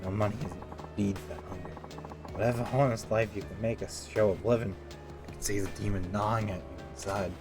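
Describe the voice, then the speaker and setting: Homem imitando velho mestre marcial solene. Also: male voice, on the low side, fairly even intonation, a little fast, music in the background, close to an everyday voice. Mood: solemn. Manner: solemn, preachy, odd put-on accent. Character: old stern male martial arts master.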